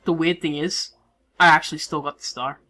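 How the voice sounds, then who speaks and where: A woman giving casual, self-mocking let's play commentary, swearing and moving around her mic so her level swings between yelling and mumbling. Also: deep voice, fairly even intonation, brisk, soft background music. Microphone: desk mic, moves around it while playing.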